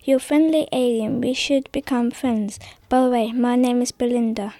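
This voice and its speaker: A woman's voice: a little high, steady tone, normal speed, mellow, no echo, lightly acted. An eager curious young girl, as a woman reads it out. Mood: friendly. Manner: eager, asking questions. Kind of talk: storybook reading.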